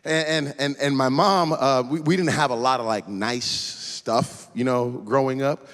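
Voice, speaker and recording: A man preaching a sermon as a pastor, telling personal stories with animated delivery and frequent repeated starts. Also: mid-range voice, a little slow. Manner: animated storytelling with many restarts.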